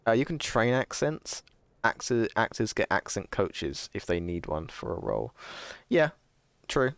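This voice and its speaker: Deep-voiced young man chatting casually. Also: sing-song, measured pace, fairly bright tone, smooth, dry recording. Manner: rambling, self-correcting, swears casually. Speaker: streamer. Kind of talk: casual chat reading stream chat.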